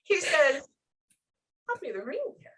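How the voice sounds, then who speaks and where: A woman's voice: high-pitched, big pitch swings, measured pace. A woman working as a psychic medium, relaying messages in a chatty, emotional reading session full of fillers.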